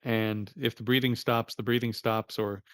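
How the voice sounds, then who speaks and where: Male meditation teacher on a livestream, mid-pitched, loose and plain-spoken, with an occasional curse, dry close sound. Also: level tone, moderate pace, dry recording. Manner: casual, plain-spoken, curses now and then.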